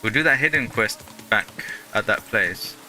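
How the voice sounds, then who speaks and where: A man chats through a casual let's-play, wandering between thoughts with plenty of fillers. His voice sits on the low side. Clear game music plays under him. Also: animated, normal speed, pushed and bright. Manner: rambling, full of fillers and restarts. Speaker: gaming channel host. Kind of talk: casual gameplay commentary.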